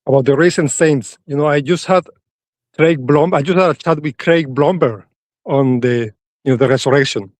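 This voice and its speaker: Caller guy, kinda high voice, dry, stumbles and repeats words a lot. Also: no room sound. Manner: halting, repeats words while finding his point. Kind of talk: casual conversation.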